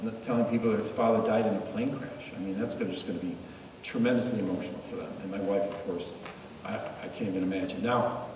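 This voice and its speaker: A man's voice: fairly low pitch, steady tone, fast talker, a little mellow, slight background noise. Middle-aged man telling a story in an echoey hall. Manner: earnest storyteller with wry humor. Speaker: guest speaker. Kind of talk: storytelling talk. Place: meeting hall. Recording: echoey hall, mic far off.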